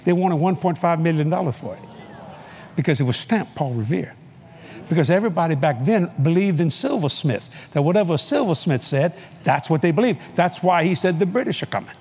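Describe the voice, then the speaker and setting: A male preacher telling a story in a sermon at a convention, animated and playful, laughing often and bursting into shouts. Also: a little high, fairly quick, a little hiss or hum. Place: convention hall before a live audience.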